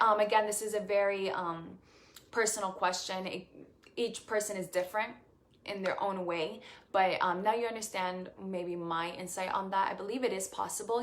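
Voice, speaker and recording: Speaking in a voice on the low side, a young beauty queen from Puerto Rico responds to fans' questions during a relaxed live stream. Full of gratitude and enthusiasm, she often restarts and leans on fillers.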